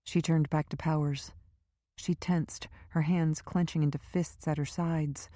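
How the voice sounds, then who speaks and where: A woman reading a crime thriller audiobook in an even, measured narration. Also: low voice, dry recording, studio quality. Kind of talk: scripted narration.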